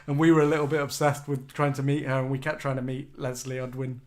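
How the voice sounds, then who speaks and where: A man's voice: medium pitch, monotone, fast talker. A middle-aged English man co-hosting a casual live chat, reading out viewer comments and giggling often. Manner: chatty, giggly, reads out comments. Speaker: podcast co-host.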